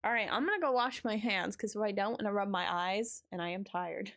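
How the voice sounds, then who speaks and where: A woman's voice: mid-range voice, brisk, a bit bright. A young woman streaming a game, chatting casually, tired, talking to her chat and her cat.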